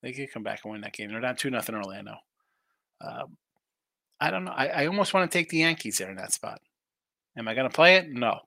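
Bright-voiced man thinking aloud on picks. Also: medium pitch, expressive, fast talker, vocal fry, long pauses, dry recording, clean studio sound. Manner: thinks aloud, restarts, answers own questions. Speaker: sports betting show host. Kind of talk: casual live-stream betting talk.

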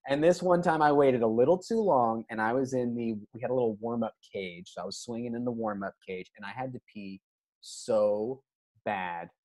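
A man's voice: mid-range voice, moderate pace. A man telling a funny story in casual podcast chat, acting out the people in it. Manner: animated, acts out quoted voices.

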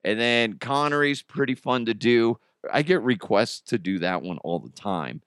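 A man's voice: medium pitch, animated, fairly bright tone, clear, resonant tone, no room sound, studio quality. A man hosting a podcast in a casual, jokey, rambling way, his voice strained and worn. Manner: jokey, rambling, quick to laugh. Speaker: podcast host.

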